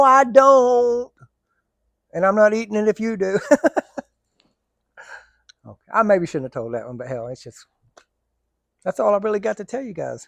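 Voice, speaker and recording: A man's voice: a little high, creaky, a little mellow, no echo. A man telling rambling, colloquial stories in a casual vlog and laughing often. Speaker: vlogger. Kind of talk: casual storytelling.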